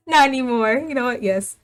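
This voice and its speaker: A chatty young woman narrating her life-sim game as a story, animated and prone to laughter. Her talk is loose and casual, full of asides. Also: on the high side, normal speed, clean tone, soft background music. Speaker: gaming YouTuber.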